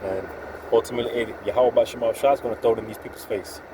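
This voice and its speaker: A man's voice: mid-range voice, steady tone, fast, background noise. A man giving an informal, profane, streetwise religious talk, quoting scripture with emphatic asides. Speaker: preacher.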